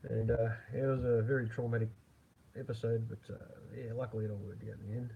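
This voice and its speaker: A man's voice: medium pitch, little pitch movement, fast, gravelly, husky. Man live-streaming over a dull lo-fi line. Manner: rambling, chuckling, lots of fillers. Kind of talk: casual live-stream chat. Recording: dull lo-fi with faint noise.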